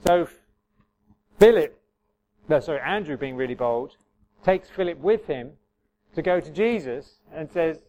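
A man's voice: a little high, animated, unhurried, long pauses, warm tone, muffled recording. A man giving an informal sermon, chatty and self-correcting, with wry asides to the congregation. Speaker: preacher. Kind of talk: informal sermon with audience interaction.

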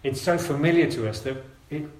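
A man preaching a sermon to his congregation, earnest and gentle, urging his listeners with repeated phrases. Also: fairly high pitch, brisk, reverberant, slight background noise, rough recording.

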